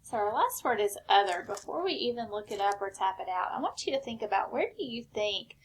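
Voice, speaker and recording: A woman teacher giving a recorded spelling lesson, slow and patient, step by step. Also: medium pitch, lively intonation, slight background noise.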